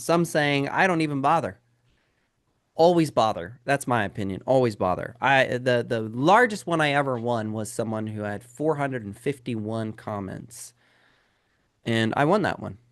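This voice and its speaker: A man's voice: medium pitch, dry recording, studio quality. A man teaching a live sales webinar, talking straight to his audience and firing rhetorical questions at them. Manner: addresses listeners directly as "guys". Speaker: real estate sales trainer.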